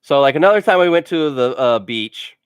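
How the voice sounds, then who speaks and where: A man's voice: mid-range voice, animated, brisk, clean tone, dry recording. Rambling man telling funny stories. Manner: rambling, full of "like" fillers; laughs at his own stories. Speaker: gaming channel host. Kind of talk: casual storytelling vlog.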